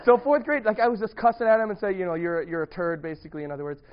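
A man's voice: high voice, very animated, rapid-fire, dull audio. A young man casually telling a long personal story to a small group, rambling with many restarts and often breaking into laughter. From grew up partly in the US Midwest.

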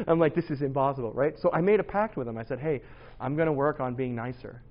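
A man in his forties giving a casual, lively sermon to teenagers. He tells stories about his children, acts out their voices and laughs often. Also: mid-range voice, fast, highs cut off. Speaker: youth pastor.

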